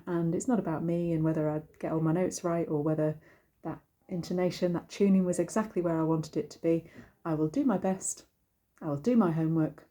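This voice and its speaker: Chatty woman, mellow low voice. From United Kingdom. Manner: chatty and rambling, many ums and restarts. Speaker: singing teacher. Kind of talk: casual singing lesson to camera.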